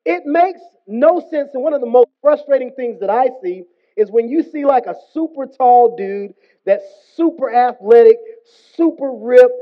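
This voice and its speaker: High-voiced preacher with a humorous, casual delivery. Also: male voice. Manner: casual, humorous, slangy storytelling. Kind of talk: sermon. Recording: dull lo-fi recording.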